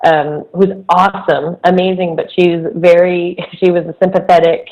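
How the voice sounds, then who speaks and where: A woman's voice: on the low side, flat delivery, normal speed, darkish tone, rough recording. A woman co-hosting a podcast, telling camp stories in casual chat and laughing as she talks. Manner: giggly storyteller who laughs mid-sentence. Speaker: podcast co-host, camp director.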